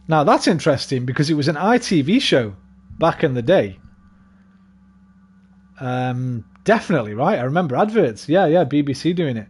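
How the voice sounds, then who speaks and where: A man's voice: fairly high pitch, sing-song, normal speed, breathy edge. A young man rambling casually and swearing freely while streaming a game. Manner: rambling, sweary, laid-back. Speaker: gaming streamer. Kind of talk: casual chat while gaming.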